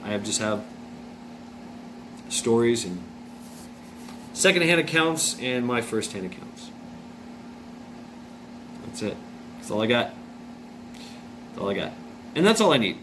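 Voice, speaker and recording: A man at an ordinary pitch tells a personal story in a loose, wandering way. He circles back, repeats phrases and curses without much thought. Behind him an air conditioner hums loudly through the recording. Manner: rambling, repeats himself, many uh's and restarts; blunt, swears freely. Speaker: vlogger. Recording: noisy room with air conditioner hum. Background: air conditioning hum.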